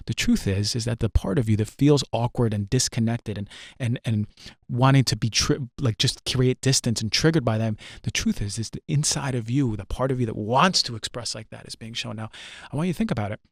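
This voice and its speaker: A man's voice: medium pitch, fairly quick, vocal fry, no echo, studio quality. A man talking earnestly as a podcast guest, emphatic and repetitive, checking in often with "right?". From New Jersey. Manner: emphatic, repeats phrases, frequent "right?". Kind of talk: earnest conversational teaching.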